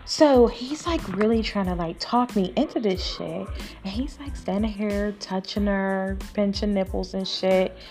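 Woman, podcast host, casual storytelling, blunt, profane, animated, tired and yawning, faint music behind. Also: medium pitch, unhurried.

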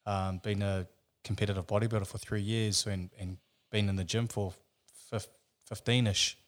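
Reflective man, lowish voice. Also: little pitch movement, moderate pace. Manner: reflective, fillers like you know. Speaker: guest, bodybuilder. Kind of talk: casual podcast chat.

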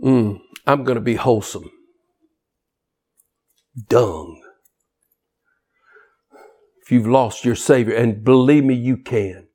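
A man preaching a sermon in a folksy, joking way, swinging from quiet low asides to loud shouting. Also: slow pace, pauses often. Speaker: pastor.

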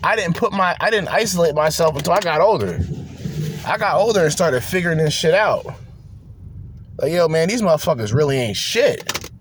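A man's voice: on the high side, expressive, normal speed, noisy background. A man hosting a podcast, ranting bluntly and profanely in slangy talk from his car. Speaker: podcast host.

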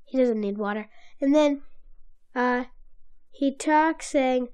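A woman's voice: high voice, slow pace, a little mellow. A woman co-hosting a podcast, recounting a cartoon episode in blunt, offhand bits during casual chat. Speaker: podcast co-host.

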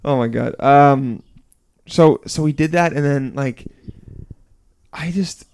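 A young man co-hosting a podcast in casual chat, excitable and laughing often. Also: mid-range voice, unhurried, smooth. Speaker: podcast co-host.

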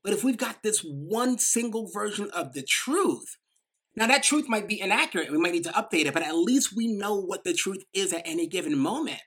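Quick-talking woman with a New York accent. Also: medium pitch, expressive, a bit bright, slightly rough. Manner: quick, emphatic, many "like" fillers. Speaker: speaker. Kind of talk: motivational talk.

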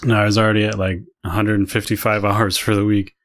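A man's voice: on the low side, little pitch movement, fast talker, a bit bright. Tired man swearing through a rambling story. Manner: profane, rambling, laughs through his story. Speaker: podcast co-host. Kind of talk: casual storytelling chat.

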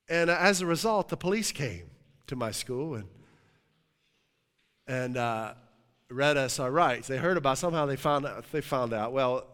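A middle-aged man preaching a sermon as pastor, telling a story in a lively, joking way. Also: medium pitch. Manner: animated storytelling, jokes and laughs with the congregation. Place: church sanctuary. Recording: long hall reverb.

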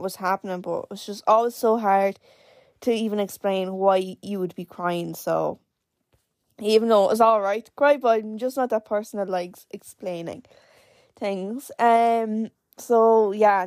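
A woman's voice: mid-range voice, a little mellow, dry recording. A young Irish woman in her late teens hosting her own podcast, talking in a hesitant, reflective way with many fillers and restarts. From Ireland. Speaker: podcast host. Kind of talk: personal podcast monologue.

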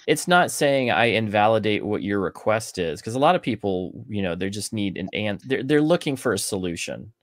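A man's voice: on the low side, big pitch swings, normal speed, few pauses, no echo, studio quality. A man co-hosting a book discussion podcast, explaining ideas at length and thinking aloud. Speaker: podcast co-host.

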